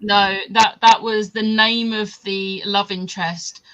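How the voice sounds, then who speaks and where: Young woman chatting, bright voice, gets ranty fast. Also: mid-range voice, rough recording. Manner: animated, quick to rant. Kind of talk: casual chat.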